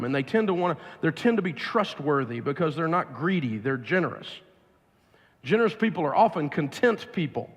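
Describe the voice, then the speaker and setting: Blunt Southern man in a big hall. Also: a little high. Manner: blunt, emphatic, preachy. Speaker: financial speaker. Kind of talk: live seminar talk to an audience. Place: large live event venue. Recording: long hall reverb from a large venue.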